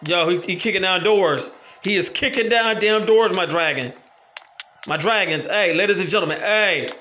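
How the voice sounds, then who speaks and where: A man hosting a horror game playthrough, commentating loudly, cursing and exclaiming as he plays. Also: sits high, moderate pace. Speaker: gaming channel host.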